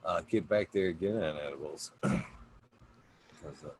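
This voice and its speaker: A man's voice: low voice, normal speed, darkish tone. A man hosting a casual podcast, laid-back and swearing constantly as he laughs through a story about his day. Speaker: podcast host.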